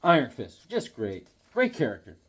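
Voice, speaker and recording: A man's voice: mid-range voice, huge pitch swings, normal speed, husky. A man hosting a casual comic book collecting vlog, playful and rambling with goofy jokes.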